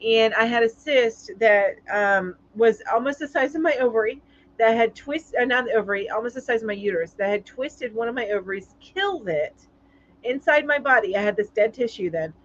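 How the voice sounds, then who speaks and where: A woman hosting a casual live-stream chat, reading viewer comments aloud in a chatty, sympathetic way, halting with many ums. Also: fairly high pitch, highs cut off, slight background noise. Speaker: live show host.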